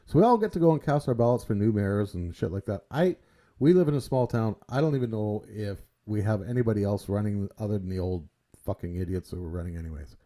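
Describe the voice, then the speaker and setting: A man in his sixties from Canada co-hosts a casual livestream, his voice big and booming with a dark, mellow tone. He rants bluntly and swears freely as he talks through his week. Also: lively intonation, fast talker. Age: 60s. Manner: blunt, profane ranting. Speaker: livestream co-host.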